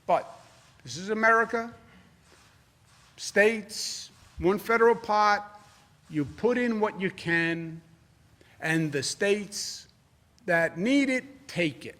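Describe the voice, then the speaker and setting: A man with a New York accent fields press questions as governor. He hammers his points with repetition and grows combative and emphatic, in a somewhat high voice. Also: animated, takes it slowly, pauses often, sharp tone. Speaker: state governor at press briefing. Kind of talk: press conference answers.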